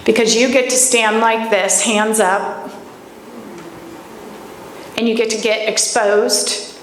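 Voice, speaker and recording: Higher-voiced woman speaking in an echoey room. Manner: storytelling, asks the audience pointed questions. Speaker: speaker at a camp gathering. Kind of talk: live talk to an audience. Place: echoey room before a live audience. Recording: echoey room with faint background noise.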